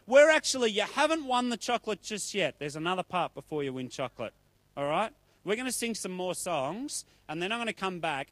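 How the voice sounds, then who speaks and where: A man's voice: high voice, fairly bright tone, no room sound. A man giving a playful, chatty talk to children at church. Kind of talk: children's talk with audience play.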